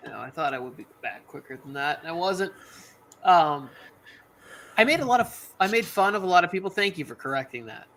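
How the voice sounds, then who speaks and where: A man hosting a sports watch party stream, chatting casually and rambling excitedly, a bit tipsy from drinks. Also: fairly quick. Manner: excitable and rambling, jumps into high exclamations.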